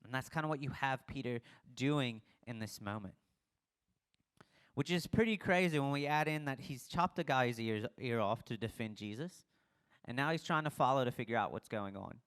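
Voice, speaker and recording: A man's voice: mid-range voice, lively intonation, normal speed, fairly bright tone, clear, resonant tone. A young man preaches in a casual, conversational style. He retells the scripture like a story and acts out the dialogue of the people in it. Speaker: pastor. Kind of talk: casual sermon.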